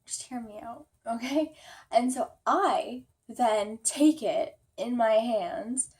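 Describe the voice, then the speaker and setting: A woman's voice: on the high side, takes it slowly, a little mellow. A young woman telling a storytime vlog, chatty and full of fillers, acting out her own quotes. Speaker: vlogger.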